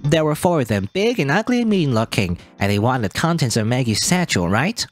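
A man voicing a young girl eagerly retelling a fight, in a raised, lively voice. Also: mid-range voice, brisk, faint music behind. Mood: excited. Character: young girl courier, excitable storyteller.

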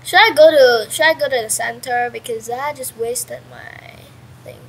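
A young woman casually commentating her own game at home, chatty and excitable, with sudden yelps and mild swearing. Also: fairly high pitch, moderate pace, slight background noise, poor audio. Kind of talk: casual let's-play commentary. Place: at home with a pet dog nearby.

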